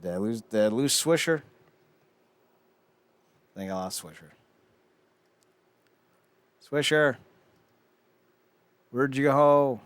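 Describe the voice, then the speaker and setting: A man recaps a TV episode for his podcast co-host, stumbling through restarts and acting out quoted lines. His voice sits at an ordinary pitch. The sound is dry and close. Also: slow, long pauses, clean tone, no echo. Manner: rambling, animated retelling with restarts and quoted lines. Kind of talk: casual chat recapping a TV episode.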